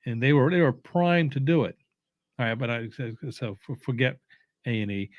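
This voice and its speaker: A man's voice: mid-range voice, animated, normal speed, dry recording, narrow, tinny audio. A man in the middle of his range chats casually and opinionatedly, stumbling over fillers and restarting his sentences. He sounds drowsy. The recording is dry and close, with no room sound. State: sleepy, yawning. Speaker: watch-along host. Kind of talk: casual rambling commentary.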